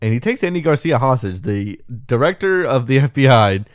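With a medium-pitched voice and a slightly fast pace, this podcast co-host retells a movie plot in a casual, animated way. He acts out what the characters say and swears casually. The studio-quality audio has no room sound.

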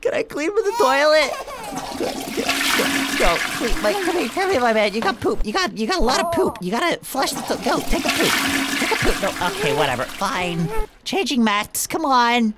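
Excitable high-voiced woman gamer. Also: moderate pace, heavy background noise. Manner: excitable, jumpy, talks to the game characters. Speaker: gaming channel host. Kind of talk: let's play commentary. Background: game music.

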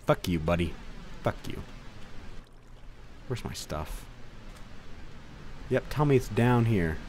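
A young man commentating his survival game, swearing often, talking to the monsters and bursting into loud outbursts. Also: on the low side, slow, slight background noise. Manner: swears a lot, animated outbursts, talks to game mobs. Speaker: gaming video creator. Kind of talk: let's play commentary.

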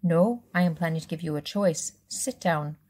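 A woman's voice: lowish voice, moderate pace, a little mellow, breathy edge. A woman reading aloud voices a smug, menacing male police commissioner with a put-on French accent. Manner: smug, threatening, clipped.

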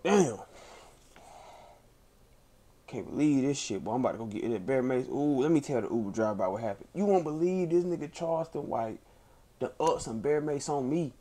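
Give this the feel of a hothead storming off in a huff, all theatrical groans and heavy sighs, griping to himself about buying bear spray. Keep the pitch in a plain middle range, with no big vocal shift from the everyday voice. A man plays it, mocking someone else. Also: dark tone, lightly acted. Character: angry young man rushing off to buy bear spray.

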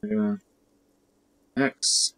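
A woman streamer playing a video game, talking casually and reacting in an animated, exclaiming way. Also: slow. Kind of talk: game let's-play with read-aloud dialogue.

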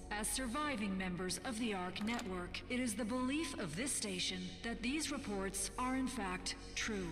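A woman voicing a resistance radio broadcaster in a game cutscene, speaking in a solemn, measured announcing manner. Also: medium pitch, natural voice. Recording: reverberant broadcast with game music.

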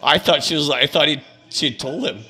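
A man's voice: on the high side, fast talker, sharp tone, slightly rough, soft background music. A middle-aged man telling rambling personal stories in a casual vlog, laughing often and running himself down. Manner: chatty, laughs often, self-deprecating. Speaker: vlogger.

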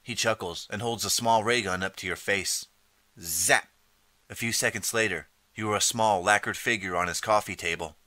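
A man narrating an interactive audiobook in steady, scripted second-person storytelling. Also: lowish voice, normal speed, no echo. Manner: steady storytelling, reading out page choices.

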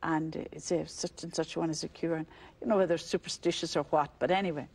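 An older Irish woman with an Irish accent, a religious sister, tells the story of her calling in a conversational interview, acting out its voices and laughing easily. Her low voice is steady, brisk and darkish, with a breathy edge.

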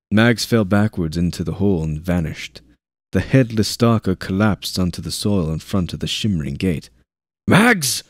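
A man reading a war novel aloud as narrator, with steady narration and shouted dialogue lines. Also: sits low, dry recording, studio quality. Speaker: audiobook narrator.

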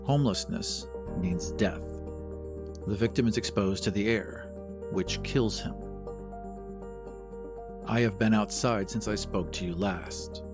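A man voicing an earnest young man who defies the machine, speaking low, deliberate and grave in an audio drama over music.

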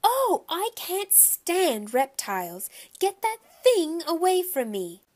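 A woman voicing a fussy middle-aged woman guest who talks in a prissy, shrill way. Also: lively intonation, moderate pace, lightly acted. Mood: shrieking.

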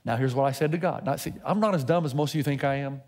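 A man's voice: mid-range voice, fast, darkish tone, big-room sound. A middle-aged man preaching a sermon as a pastor, telling a personal story and acting out both sides of his conversations with God. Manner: storytelling preacher who acts out dialogue with God.

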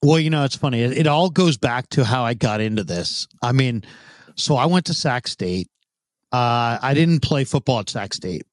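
Man, fifties, rambling anecdotes, quotes people in different voices, dry sound, mid pitch. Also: no room sound. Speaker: interview guest, former radio host. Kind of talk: storytelling in a casual interview.

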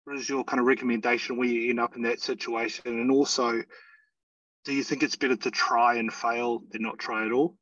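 A man hosting an interview, asking questions haltingly over a video call. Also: mid-range voice, level tone, fairly bright tone, no room sound. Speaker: host. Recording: dull distant dry video-call audio.

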